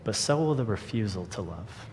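A man's voice: animated, moderate pace, a little mellow. A man giving an earnest, reflective sermon as a pastor, telling a story to his congregation. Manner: earnest, reflective preaching with a story read aloud. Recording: reverberant hall with faint rumble.

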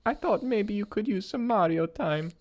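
A man voicing a lonely old retired plumber in a high, hoarse whisper. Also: lively intonation, normal speed, background noise. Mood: wistful.

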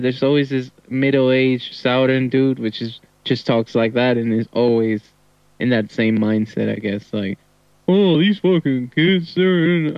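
A man co-hosting a casual podcast, talking haltingly with many pauses and restarts. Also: mid-range voice, dry recording. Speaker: podcast co-host. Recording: dry muffled lo-fi sound.

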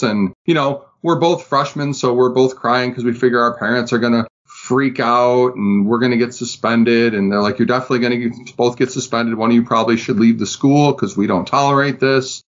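Male podcast guest, relaxed and plain, slightly dull recording. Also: medium pitch, brisk, few pauses. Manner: relaxed, plain-spoken, frequent "like". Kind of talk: casual storytelling.

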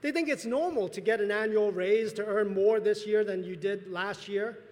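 A man preaching a sermon as pastor, earnest, pausing and restarting as he speaks, in a church sanctuary. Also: high-pitched. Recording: long hall reverb.

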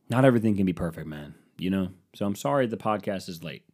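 Into a desk mic at home, a man in his twenties hosts his podcast with a sarcastic, meandering comedic monologue. His voice is low and a little mellow.

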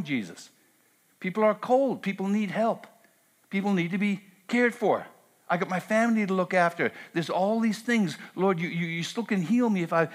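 A man preaching a sermon, moving from a quiet prayer into earnest, emphatic preaching with repeated phrases. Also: sits high. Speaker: pastor.

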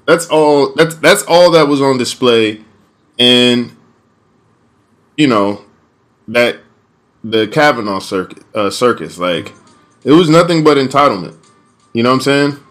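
A man's voice: mid-range voice, lively intonation, a little slow, long pauses, fairly bright tone, faint music behind. A young man in casual conversation, earnest and emphatic, with slangy asides.

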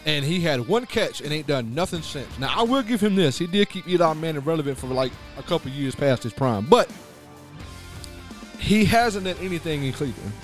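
A man's voice: fairly high pitch, expressive, a little fast, faint music behind. A man hosting a sports talk radio show, blunt and opinionated, leaning on filler phrases as he rants.

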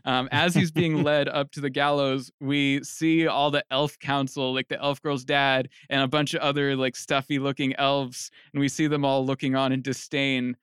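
A young man co-hosting a comedy podcast, pitching a movie plot in animated storytelling. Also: normal speed, few pauses, clear, resonant tone, dry recording, clean studio sound. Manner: animated storytelling, acts out quotes. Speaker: podcast co-host.

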